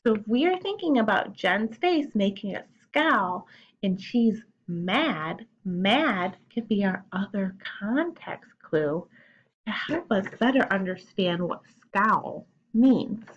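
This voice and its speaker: A young woman teacher walks young learners through a lesson, taking her time over each step in an unhurried, patient way. Her voice sits at an ordinary middle pitch. The recording sounds a little muffled and lo-fi. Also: animated, husky. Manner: slow, patient, explaining step by step. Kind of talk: recorded classroom lesson for children.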